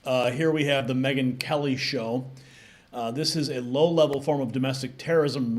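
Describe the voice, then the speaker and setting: Guy doing a news commentary show, sarcastic and fired up, average pitch. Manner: indignant, sarcastic. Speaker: political commentary host.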